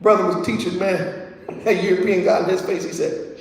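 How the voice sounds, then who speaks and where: High-voiced preacher man in an echoing hall. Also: normal speed. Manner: animated, swings from soft asides to shouted peaks; streetwise, joking. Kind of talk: sermon. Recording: echoey hall from far off.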